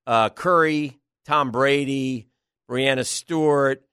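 Teasing sports radio host, dry mic. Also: male voice, mid-range voice, slow, sharp tone, clean tone, no echo. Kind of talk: radio banter and reading off names.

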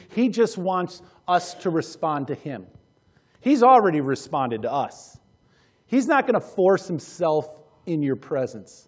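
A male pastor preaches with a husky, high-set voice. He presses his points with urgency, swinging between animated bursts and hushed, earnest stretches. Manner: urgent, animated preaching that drops to quiet intensity. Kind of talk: sermon.

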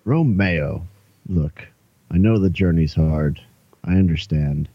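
A man's voice: low voice, takes it slowly, no echo, highs cut off. A man playing his character in a tabletop game, talking earnestly and persuasively with some hesitation. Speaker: player. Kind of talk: in-character tabletop role-play.

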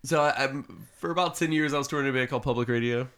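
A man's voice: mid-range voice, fast talker, a bit bright. A man co-hosting a casual podcast, joking and telling a tour story. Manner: wry, joking interjections. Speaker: podcast co-host.

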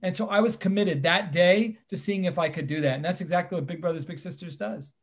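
A man in his fifties, a lawyer and guest, telling personal stories with animated, emphatic delivery and acted-out dialogue. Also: high-pitched, a little fast, breathy edge. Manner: animated, emphatic storyteller who acts out the dialogue. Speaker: guest, criminal defense attorney. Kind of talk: personal storytelling in conversation.

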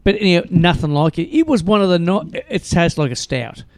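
High-voiced Australian man, rambling chatter. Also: very animated, brisk, dry recording. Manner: chatty, rambling, loses his train of thought. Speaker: co-host of a beer review show. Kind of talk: casual banter.

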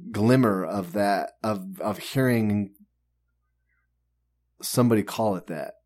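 A man's voice: on the low side, slow, a little mellow. A man co-hosting a casual chat, easygoing and joking, often giving short agreeing replies.

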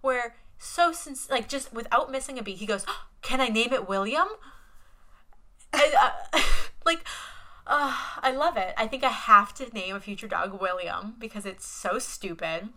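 Very bright young woman, rambling chat. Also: on the high side, moderate pace. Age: young adult. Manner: rambling, filler-heavy, gushing. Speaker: podcast co-host. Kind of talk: casual movie chat.

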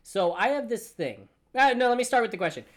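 A man's voice: very high voice, big pitch swings, brisk. A man leads a loose, casual conversation as host. He rambles and circles back, restarting sentences as he works out his point. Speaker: podcast host. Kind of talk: casual chat.

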